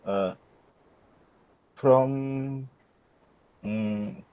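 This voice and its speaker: A man from Central Java with an Indonesian accent, leading an online class ice-breaker in a relaxed way, full of fillers and "ya" tags, over a video call. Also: mid-range voice, very slow, clear, resonant tone, muffled recording. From Kebumen, Central Java, Indonesia. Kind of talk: online class, casual instructions.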